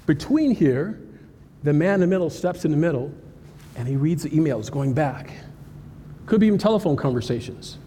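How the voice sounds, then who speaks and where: A man giving an animated, joking cybersecurity presentation at a live conference, talking straight to the audience. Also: a little high, moderate pace, a little hiss or hum. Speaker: cybersecurity speaker. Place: conference hall. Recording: hall reverb with faint ambience.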